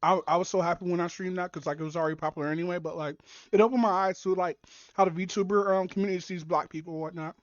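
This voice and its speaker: A woman's voice: on the low side, fairly even intonation, racing, dry recording. A woman streamer chatting casually while reacting to videos, swearing often and rambling with many fillers. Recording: dull, dry muffled audio.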